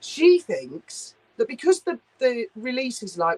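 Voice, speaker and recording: A woman's voice: fairly high pitch, very animated, moderate pace, hardly any pauses, breathy edge, rough recording. Blunt, sweary woman streaming live. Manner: chatty, blunt and sweary, reads comments aloud. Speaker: livestream host reading viewer comments. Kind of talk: casual live chat.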